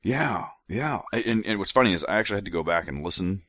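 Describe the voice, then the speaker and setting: With a deep, slightly bright voice, lively intonation, and a quick pace, this man hosts a podcast monologue while tipsy from drinks. He rambles casually, laughs, and keeps restarting, and the studio-quality recording has no echo.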